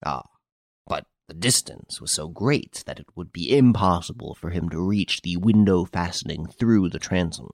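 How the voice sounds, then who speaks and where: A man reading an audiobook, voicing a proud, excitable middle-aged count who turns petulant and stammering. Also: deep voice, normal speed, no room sound, studio quality. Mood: imperious. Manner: petulant, then stammering and shaken.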